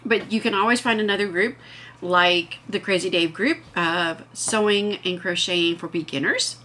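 A woman's voice: on the low side, moderate pace, a bit bright, slight background noise. A woman hosting a casual home vlog, chatting enthusiastically and gushing over what she shows. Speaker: vlog host.

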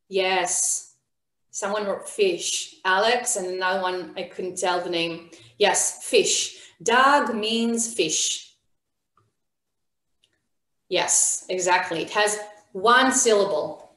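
Female teacher, slow deliberate delivery, echoey room, upbeat encouragement. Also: medium pitch, a bit bright. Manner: encouraging, questions students by name. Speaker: Hebrew teacher. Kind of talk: online beginner language class.

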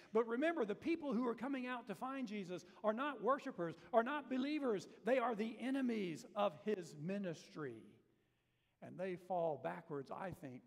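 A man's voice: high-pitched, creaky. A male pastor preaching a sermon in a church, telling the story vividly and acting out quoted lines with dramatic emphasis. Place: church sanctuary. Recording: long church reverb.

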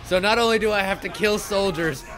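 A young man commentating over gameplay in a sarcastic, comedic way, swearing and panicking loudly, with game music behind him. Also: high-pitched, a little fast. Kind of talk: comedic let's play commentary.

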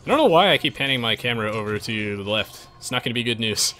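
Man, live game commentary, joking and talking to chat, bright voice, faint music in background. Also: mid-range voice, animated, quick pace. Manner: playful, jokey, bursts into silly voices. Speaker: gaming streamer.

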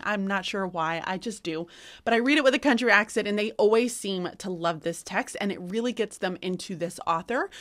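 A middle-aged woman teacher chats in a relaxed vlog about books she loves to read to her class. She sounds enthusiastic and talkative, trailing into fillers and restarting her sentences, at an ordinary mid-range pitch. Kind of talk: casual book-recommendation vlog.

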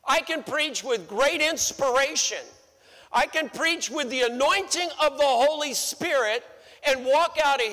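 Here a pastor's very high, pushed, bright voice fills the church sanctuary as he delivers his sermon. Phrases get repeated for emphasis, and his pitch jumps sharply whenever he acts out a quote, with long church-hall reverb trailing behind.

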